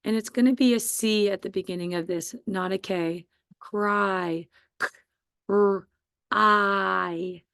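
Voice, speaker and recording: A woman teacher giving a slow, patient spelling dictation to first graders. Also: mid-range voice, darkish tone, clear, resonant tone, no room sound, studio quality. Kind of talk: spelling quiz dictation for young students.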